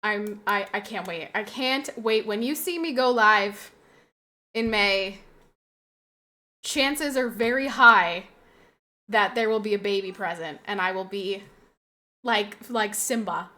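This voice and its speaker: A woman's voice: medium pitch, slow pace, pauses often, sharp tone. A young woman streaming and chatting casually with her live audience. She talks emotionally, repeats her phrases, laughs often and answers her chat aloud.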